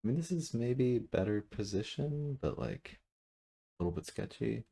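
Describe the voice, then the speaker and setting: A man commentating his own game at his computer, thinking out loud, correcting himself and trailing off with fillers, seated a little back from a desk mic. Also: medium pitch, lively intonation, gravelly, husky. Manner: musing, self-correcting, halting with fillers. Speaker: gameplay commentator. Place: room at a computer. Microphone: desk mic, sitting back from it.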